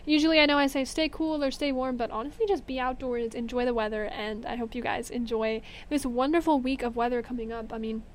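A young woman giving a bubbly, excited weather update and reading a sponsor message. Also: fairly high pitch, fairly quick, few pauses, slight background noise. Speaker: weather presenter.

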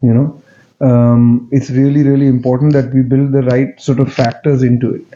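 A man, answering interview questions in a relaxed, joking way with many fillers and restarts. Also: mid-range voice, moderate pace, highs cut off. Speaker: interview guest, music director.

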